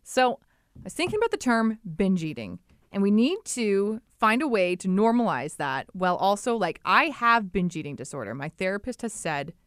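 A woman's voice: medium pitch, normal speed, clean tone, no room sound, clean studio sound. A young adult woman co-hosting a podcast, talking openly and animatedly in casual chat. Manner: candid, animated, quotes people in playful voices. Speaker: podcast co-host.

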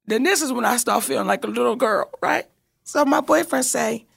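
Woman, casual storytelling, animated, high pitch, gravelly. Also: normal speed. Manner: animated, swears freely, acts out quotes. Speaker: co-host telling a personal story.

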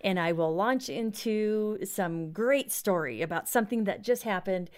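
A woman's voice: mid-range voice, a little slow. A woman who works as a counselor, speaking as an interview guest and telling personal stories to make her points. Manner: warm storytelling with personal examples. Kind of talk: interview conversation.

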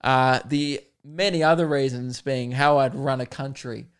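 A young Australian man hosting a podcast, ranting casually, profane and quick to laugh at himself. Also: mid-range voice, fairly even intonation, clean tone. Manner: fired-up, profane and self-mocking. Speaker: podcast host. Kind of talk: casual rant.

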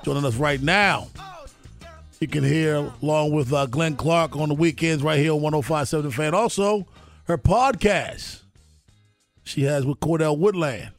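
A man's voice: fairly high pitch, moderate pace, soft background music. A man hosting a morning sports radio show, brash and teasing with his guest.

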